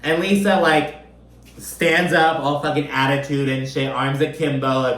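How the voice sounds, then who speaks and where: Chatty, foul-mouthed male recap host, mid-pitched, recorded in an echoey room. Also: moderate pace, fairly bright tone. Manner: profane, gossipy, chatty. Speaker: recap commentator. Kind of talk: casual reality-TV recap commentary.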